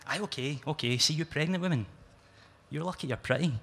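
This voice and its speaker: A man's voice: a little high, brisk, gravelly, fairly bright tone, husky, voice pushed up, exaggerated voice. A Scottish man reading aloud, voicing a lazy, cocky young man with cheeky, laddish banter.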